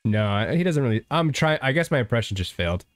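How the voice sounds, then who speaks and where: A man's voice: medium pitch, lively intonation, quick pace, soft background music. A man casually commentating a video game let's-play, joking and reading dialogue aloud. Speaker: gamer.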